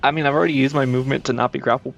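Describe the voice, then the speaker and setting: A man playing a tabletop game, chatting casually and thinking aloud with hesitant pauses. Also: medium pitch, fairly even intonation, gravelly, soft background music. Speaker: player.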